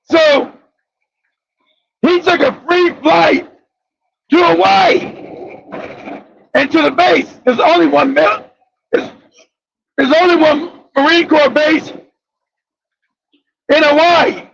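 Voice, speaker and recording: A middle-aged man from the United States, a former Marine, telling a profane anecdote in an animated way and laughing often. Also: very high-pitched, takes it slowly, creaky, long pauses. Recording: dull lo-fi sound.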